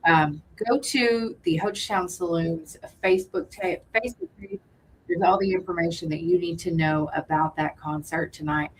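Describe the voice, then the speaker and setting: A woman's voice: fairly low pitch, moderate pace, slight background noise, low-quality recording. Chatty woman radio host. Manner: chatty, loose and rambling, greets listeners by name. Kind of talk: casual morning radio chat. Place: radio studio.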